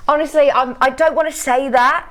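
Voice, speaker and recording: A woman's voice: high voice, fairly even intonation, brisk, a bit bright. A woman hosting a live TV shopping show, chatting upbeat about a craft kit and reading out viewer messages. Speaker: shopping channel presenter. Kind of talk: live TV shopping sales chat.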